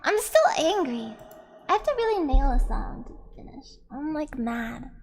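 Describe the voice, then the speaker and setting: High-pitched girl streamer chatting between songs, slow and playful, faint music behind. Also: big pitch swings, in a large hall. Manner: chatty, reads chat aloud, playful complaints. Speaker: streamer singing karaoke. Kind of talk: karaoke stream chat. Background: karaoke backing track.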